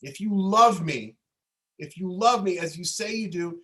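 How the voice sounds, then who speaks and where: A man's voice: high voice, animated, a little slow, sharp tone, full character voice. A man voicing a grieving young wife who pleads with her husband to act, in an insistent, pleading way.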